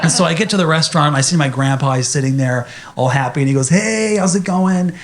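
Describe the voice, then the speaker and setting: A man's voice: medium pitch, quick pace, crowd noise. A young man speaking animatedly to an audience, telling a personal story in a motivational talk.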